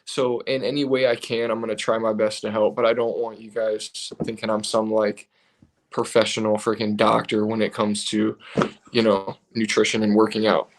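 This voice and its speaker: A man's voice: on the low side, normal speed. Tired man co-hosting a live stream; loose, rambling trainer talk. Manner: relaxed, rambling, reads comments aloud. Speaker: co-host, personal trainer. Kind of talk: casual live-stream chat.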